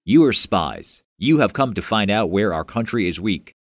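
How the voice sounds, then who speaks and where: A man's voice: fairly low pitch, lively intonation, moderate pace, no echo, clean studio sound. A man reading as a harsh, stern governor. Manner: harsh, accusing. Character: stern governor accusing strangers.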